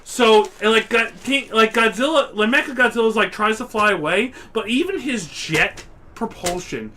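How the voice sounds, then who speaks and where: A tipsy man on a casual comedy podcast, rambling excitedly and swearing as he explains monster films. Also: high-pitched, normal speed, a little hiss or hum. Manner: rambling, excitable, profane, acts out monster voices. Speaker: podcast guest explaining a film franchise.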